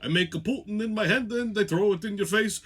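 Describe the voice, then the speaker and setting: A man's voice: sits high, fast, a bit bright, husky, voice pushed up. A man putting on a boastful strongman, reciting taunting rhymes in a sing-song way. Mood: gloating.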